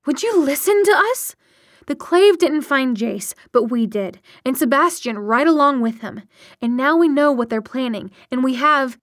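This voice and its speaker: A woman's voice: on the high side, normal speed, hardly any pauses, dry recording, studio quality, close to an everyday voice. A woman reading aloud and voicing an earnest, frustrated young man who speaks urgently and insistently.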